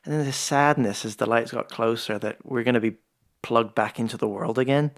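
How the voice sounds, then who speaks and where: A man telling stories on a podcast, animated and playful, voicing the other people in his tales and swearing freely. His voice sits mid-range for a man. The sound is dry and close, with no room around it. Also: mid-range voice, brisk, no echo. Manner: lively storyteller, acts out quoted dialogue, swears casually. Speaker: podcast guest. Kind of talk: casual conversation. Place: ranch.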